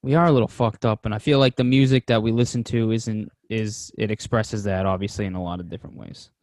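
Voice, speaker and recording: A man's voice: lowish voice, fairly even intonation, fast, a little mellow, no echo. A young man co-hosting a podcast in casual chat, loose and swearing, telling stories with laughs. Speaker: podcast co-host.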